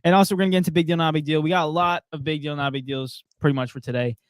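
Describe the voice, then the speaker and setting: A man's voice: on the high side, fairly even intonation, very fast, smooth, no echo, studio quality. A young man co-hosting a casual sports podcast, joking and reading viewer comments aloud. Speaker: podcast co-host.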